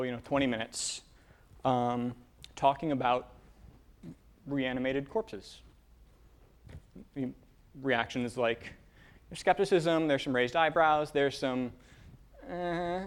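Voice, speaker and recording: A man preaching a casual sermon, talking in halting bursts full of fillers and restarts. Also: medium pitch, clean tone. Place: church with a room of divinity students.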